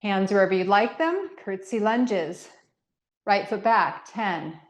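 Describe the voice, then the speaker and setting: A woman's voice: medium pitch, takes it slowly. A middle-aged woman leading a guided workout class, counting reps and giving step-by-step movement cues. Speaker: fitness instructor. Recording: echoey room.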